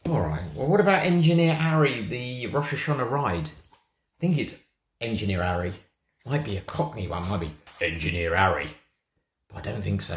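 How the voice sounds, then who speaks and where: A man's voice: on the low side, reverberant. Playful English man reading a picture book. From England. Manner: playful, chatty asides. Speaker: storybook reader for a synagogue.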